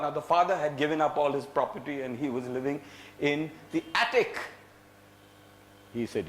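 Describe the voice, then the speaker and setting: Speaking at normal speed but with long pauses, a male storyteller with a slightly high voice dramatizes a folk tale for a live audience indoors. He shifts from loud to soft, performs the lines with lively energy, and gets the crowd to play along and act it out, while the room's echo fills the recording.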